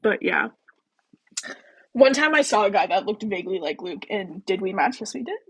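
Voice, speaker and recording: Husky, chatty woman hosting a live. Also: mid-range voice, lively intonation, moderate pace, fairly bright tone, rough recording. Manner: chatty, rambling, lots of "like" and "um"; giggly, self-deprecating. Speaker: host of a book-chat livestream. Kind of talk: casual livestream chat.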